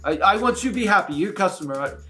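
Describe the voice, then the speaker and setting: A man putting on an Italian accent to play a gruff, pushy older ice cream shop owner who talks in clipped, broken-English questions. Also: sits high, animated, fast, sharp tone, faint music behind.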